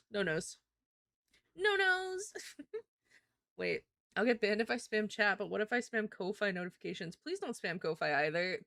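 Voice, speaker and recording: A woman's voice: fairly low pitch, gravelly, fairly bright tone, no echo, clean studio sound. A woman streamer chatting casually and thinking aloud while she draws. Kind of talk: casual live-stream chat while drawing.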